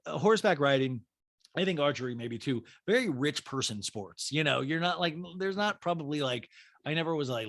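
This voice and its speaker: A man's voice: fairly high pitch, big pitch swings, a little fast, fairly bright tone, no echo. Sarcastic man recapping TV, dry. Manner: sarcastic, rambling asides. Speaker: podcast host. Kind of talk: casual TV recap commentary.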